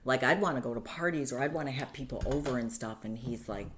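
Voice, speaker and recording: A woman's voice: very deep voice, fast, a bit bright, slight background noise. A middle-aged woman candidly telling her own story as an interview guest. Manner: candid, retelling past conversations. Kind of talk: personal story in a sit-down interview.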